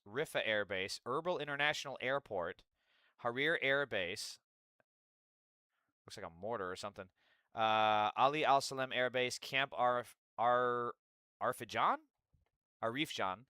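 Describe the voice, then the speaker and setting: A man's voice: mid-range voice, unhurried, pauses often, bright, forceful tone, clear, resonant tone, no echo, clean studio sound. A man hosting a political commentary livestream, talking in a profane, sarcastic and rambling way. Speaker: livestream host.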